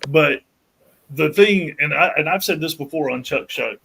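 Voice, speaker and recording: A man's voice: fairly high pitch, normal speed, vocal fry, pushed and bright, slightly rough, poor audio. A man and sports fan chatting casually on a podcast, easygoing with frequent restarts. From Maine. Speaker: podcast guest, Clemson fan. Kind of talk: casual chat.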